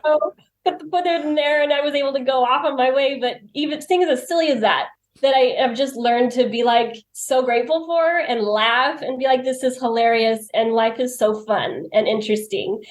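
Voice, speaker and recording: A woman guest on a podcast shares personal stories in a talkative way. She laughs often and acts out her own remarks. Her voice sits a little high, and the room gives it a noticeable echo. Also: moderate pace. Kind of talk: personal storytelling in conversation. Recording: roomy echo.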